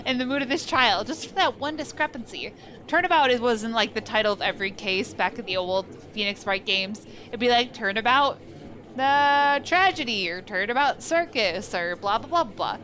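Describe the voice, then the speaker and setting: A woman's voice: medium pitch, fairly quick, pushed and bright. A woman doing casual let's play commentary with playful, exclamatory reactions. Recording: game music in the background.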